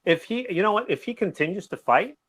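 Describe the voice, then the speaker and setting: Animated man rambling about a fight. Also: high voice. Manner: animated, rambling, quick to laugh. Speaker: guest, boxing YouTuber. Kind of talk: casual boxing recap chat.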